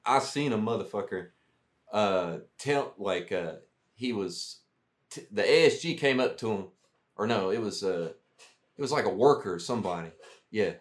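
A man's voice: lowish voice, lively intonation, normal speed. A man, a veteran guest, telling profane, rambling war stories in casual talk. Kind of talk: casual storytelling.

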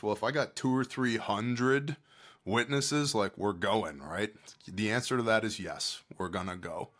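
A man's voice: on the low side, unhurried. An American man, a podcast guest who leads disaster relief work, telling stories in a casual chat and acting out what people said. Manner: animated storyteller, acts out quotes, swings from loud to hushed.

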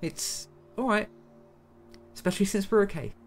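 Dude doing a shaky lady detective partner, high soft voice, faint music. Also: lively intonation, normal speed, creaky. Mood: worried. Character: shaken female detective partner, earnest.

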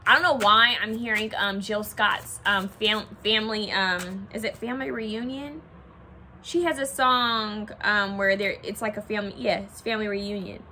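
A woman's voice: mid-range voice, steady tone, normal speed, sharp tone, slight background noise. A young woman giving a casual pick-a-card tarot reading, chatting and thinking aloud as she pulls cards.

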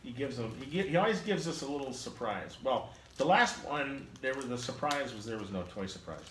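A man voicing a goofy, excitable male puppet co-host who jokes and whoops. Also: medium pitch, fairly quick, natural voice. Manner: jokey, excitable, whoops and exclamations. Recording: echoey room, faint noise.

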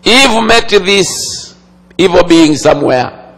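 A man preaches in a high, gravelly voice, taking his time with long pauses. He swings from loud declarations to hushed phrases. His words ring out with a long reverb through a large hall. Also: lively intonation. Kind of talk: sermon.

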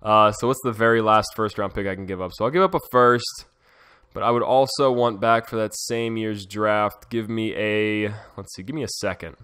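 A young man giving casual commentary over a hockey management game, talking to his viewers and swearing freely when excited. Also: on the low side, moderate pace, smooth. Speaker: gaming YouTuber. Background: dog heard in cage.

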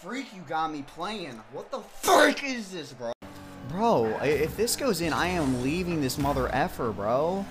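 A man's voice: mid-range voice, lively intonation, moderate pace. Raging gamer man, wild swings. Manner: swings from muttering to furious yelling, swears constantly. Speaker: gamer streaming his play. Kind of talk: live gameplay rant. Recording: loud music over the voice.

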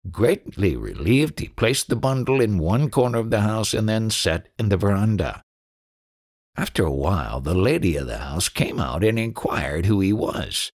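Expressive male storyteller, husky, rather low, very lively intonation. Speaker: audiobook narrator. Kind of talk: storytelling narration.

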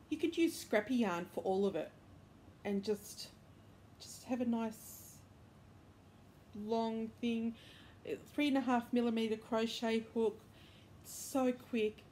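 A woman's voice: medium pitch, darkish tone, a little hiss or hum. Chatty woman showing her crochet. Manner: chatty and rambling, with fillers and self-corrections; enthusiastic, upbeat. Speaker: crochet and knitting podcast host. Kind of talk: casual show-and-tell chat. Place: indoors at home, bedroom.

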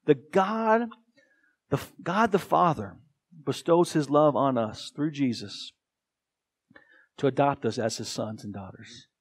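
A man's voice: mid-range voice, unhurried, long pauses, husky. A man with an American accent preaching a sermon as pastor, earnest and emphatic. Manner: earnest, emphatic, with dramatic quoted voices.

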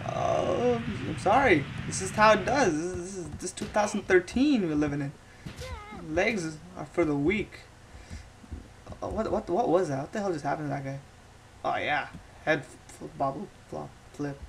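A woman's voice: fairly low pitch, moderate pace, gravelly, background noise. Joking woman doing game commentary. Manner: joking, loud exclamations. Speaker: let's play commentator. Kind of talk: gameplay commentary.

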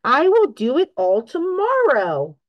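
A stubborn grumbling male toad in a read-aloud storybook, as a woman puts him on, drawn out and a bit louder when he protests. he keeps putting his chores off. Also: mid-range voice, expressive, normal speed, muffled recording, lightly acted.

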